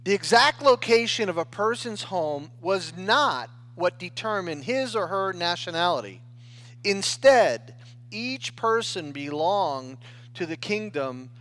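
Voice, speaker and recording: High-voiced man preaching conversationally. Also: lively intonation, takes it slowly, fairly bright tone. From United States. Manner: conversational preaching with frequent "right?" and restarts. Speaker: pastor. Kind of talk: sermon.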